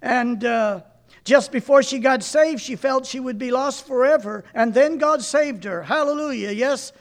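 A man's voice: very high-pitched, measured pace. A man preaching fervently, reading aloud from a book and stopping to comment, with exclamations of praise.

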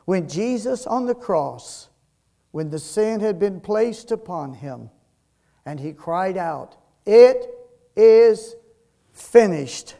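A man preaching a sermon as pastor, slow and emphatic, rising to loud peaks and dropping to soft, quiet passages. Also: high-pitched, expressive, gravelly. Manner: slow, emphatic preaching that swells and drops in loudness.

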